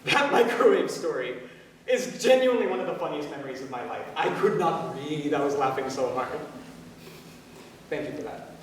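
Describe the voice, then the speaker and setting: A man's voice: a little high, expressive, moderate pace, slight background noise. A man in his twenties performing a one-man stage monologue, telling a story in a conversational way with filler words, heard from a distant mic in a large theater hall. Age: 20s. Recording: echoey hall from far off.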